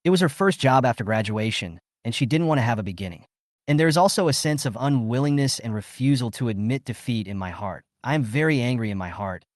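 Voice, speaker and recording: A man reading a scripted story recap in steady storytelling narration. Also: medium pitch, quick pace, dry recording, studio quality.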